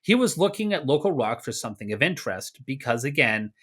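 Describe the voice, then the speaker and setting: Man, from Canada, podcast co-host, bright tone, lively storytelling, jokey asides. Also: mid-range voice, fairly quick, husky. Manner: animated, jokey, slips into mock voices for quotes. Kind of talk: casual history storytelling.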